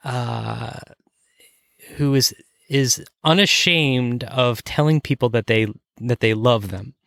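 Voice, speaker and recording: Young man, podcast host, sincere and halting, dry close sound. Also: medium pitch, creaky, a bit bright, no echo. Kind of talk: casual chat.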